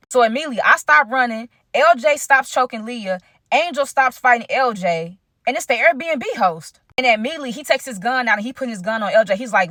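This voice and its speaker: A woman's voice: a little high, animated, fairly quick, pushed and bright, no room sound, clean studio sound. A young woman telling a dramatic personal story in a casual, chatty vlog style, addressing her viewers directly.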